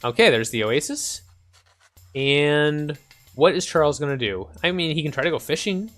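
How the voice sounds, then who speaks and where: A man's voice: fairly high pitch, lively intonation, moderate pace, a bit bright. A man hosting a casual let's-play, chatting and reading game text aloud. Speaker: gaming channel host. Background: faint game music.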